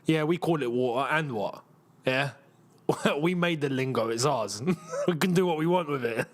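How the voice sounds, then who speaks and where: A man's voice: on the high side, moderate pace. A young man hosting a live football watchalong, chatting casually, laughing often and using slangy banter. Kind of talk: casual live match commentary and chat.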